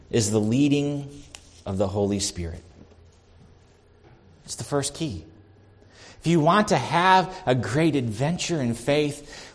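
A man preaching a sermon as pastor, animated and swinging between loud and soft. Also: on the high side. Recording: long reverb of a large hall.

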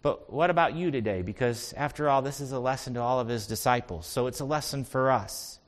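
A man's voice: medium pitch, a little fast. A man pastor delivering an earnest sermon, telling stories and building to emphatic points. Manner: earnest, storytelling preacher with rising emphasis.

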